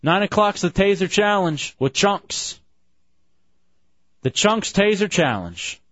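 A man hosting a radio show from the studio, fast and joking with callers and co-hosts. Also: high-pitched, lively intonation, fairly bright tone, dry recording. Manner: brash, joking, fast patter. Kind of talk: casual radio banter. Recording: slightly muffled radio broadcast.

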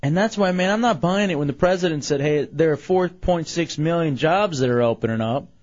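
Man, radio host, animated, argumentative, high lively voice, dull lo-fi broadcast sound. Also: brisk. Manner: animated, argumentative, cuts callers off. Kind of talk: casual call-in talk radio banter.

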